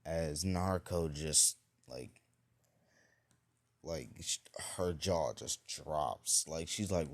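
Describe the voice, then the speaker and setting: A man's voice: extremely low pitch, slow. A man improvising a fan-fiction story, rambling and full of fillers and restarts.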